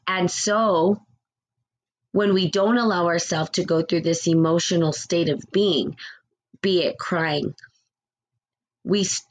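A woman's voice: fairly low pitch, rough recording. A woman talking through spiritual ideas in a casual, conversational way, reading short passages aloud and acting out quoted people as she goes. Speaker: spiritual teacher.

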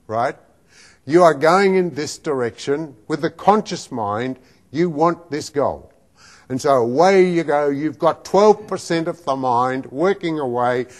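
Lively, slow-talking male self-help teacher. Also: on the high side. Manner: emphatic, keeps asking the listener "right?". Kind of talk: motivational lecture.

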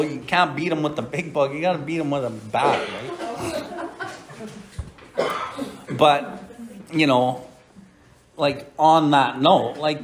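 A man's voice: on the high side, a little hiss or hum. A middle-aged man hosting a recovery podcast, talking bluntly and profanely with many "right?" asides and reading aloud from a recovery book. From Canada. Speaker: recovery podcast host and sponsor. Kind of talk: blunt casual talk and Big Book reading.

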